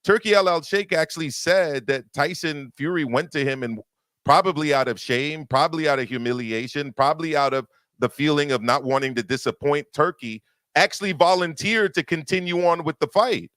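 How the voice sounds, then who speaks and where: A man's voice: fairly high pitch, moderate pace, fairly bright tone, dry recording, clean studio sound. A man on a boxing debate panel making his case emphatically. He repeats himself as he presses each point.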